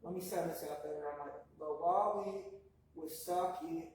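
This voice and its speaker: A man teaching a language class, sounding out words slowly syllable by syllable and correcting learners. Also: on the high side, steady tone, a little mellow. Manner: slow, drawn-out pronunciation drills by syllable. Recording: echoey, distant mic with faint noise.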